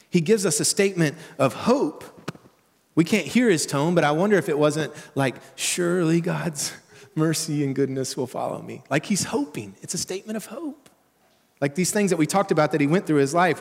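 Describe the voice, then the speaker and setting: Man preaching in a reverberant church. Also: a little high. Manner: conversational preaching with rhetorical questions. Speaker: pastor. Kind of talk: sermon. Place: church sanctuary. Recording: long church-hall reverb.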